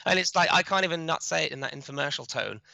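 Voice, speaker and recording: A man being interviewed as a guest on a podcast, explaining his work in a quick, chatty way with many restarts. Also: a little high, animated, creaky, bright, forceful tone, dry recording, rough recording. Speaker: guest, cold outreach expert.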